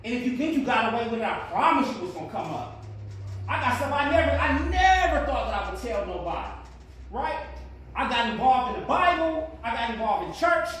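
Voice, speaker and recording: Casting: high-pitched man, earnest motivational speaker with speech, addressing a classroom from a distance in a very echoey room. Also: animated, brisk, a bit bright, a little hiss or hum. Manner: earnest, preachy, rising to emphatic peaks.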